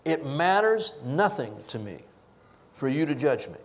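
A man preaching a verse-by-verse sermon, his voice pitched high and swinging widely between peaks and low, quiet asides. He leans hard on key words. The sound carries a long reverb from a large hall. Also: very animated, measured pace. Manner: emphatic, swings from loud stresses to low asides. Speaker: pastor. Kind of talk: expository sermon.

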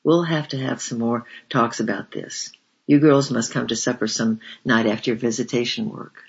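A man's voice: mid-range voice, steady tone, moderate pace, gravelly, natural voice. A man playing a sarcastic, argumentative skeptic who challenges others, in a slightly dull lo-fi recording. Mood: challenging.

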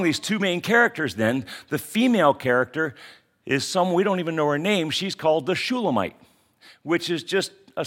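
A man's voice: fairly high pitch, a bit bright. A man pastor giving a conversational sermon that teaches through rhetorical questions.

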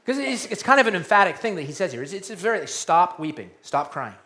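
A man preaching a sermon, animated, repeating key phrases and dropping to a hushed voice for emphasis. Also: high voice, racing. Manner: animated preaching, repeats key lines, drops to quiet soft tones for emphasis. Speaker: pastor.

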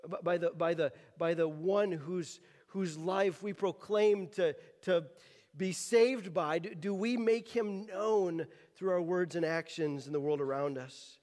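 A man's voice: sits high, a little slow, darkish tone. A man preaching a sermon as pastor, who drops the g at word ends and often repeats words while he finds his phrasing. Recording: reverberant hall.

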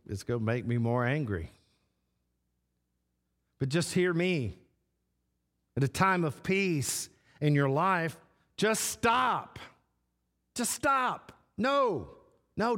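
A man preaching a sermon as pastor, slow and repetitive, stressing short phrases again and again. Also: medium pitch. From Texas. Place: church sanctuary. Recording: long church hall reverb.

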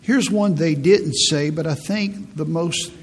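A man in his fifties with a raspy voice, preaching a folksy, humorous sermon as a pastor. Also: on the high side, slow, big-room sound. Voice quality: raspy, gravelly. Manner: storytelling, humorous, laughs at own stories.

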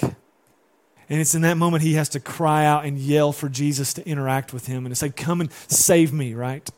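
A man's voice: mid-range voice, darkish tone. A male pastor preaching a sermon, moving between rising emphatic passages and conversational asides to the church.

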